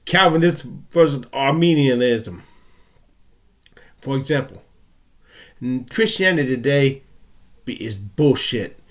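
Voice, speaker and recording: A man's voice: mid-range voice, lively intonation, takes it slowly, long pauses. An American man ranting furiously into his camera, swearing heavily and tripping over his words. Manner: furious, profane and stammering. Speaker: vlogger. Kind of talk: angry ranting monologue.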